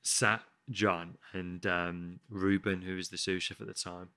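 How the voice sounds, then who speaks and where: A West Midlands chef guesting on a podcast tells a story casually, rambling, cursing frequently and starting over often. He speaks unhurriedly in a low, sharp voice with little pitch movement, and the studio recording has no echo.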